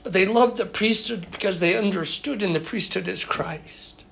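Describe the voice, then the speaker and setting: A man who is a priest talking in an interview conversation, halting and full of fillers and restarts. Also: sits high, gravelly, a bit bright, low-quality recording. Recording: noticeable background noise.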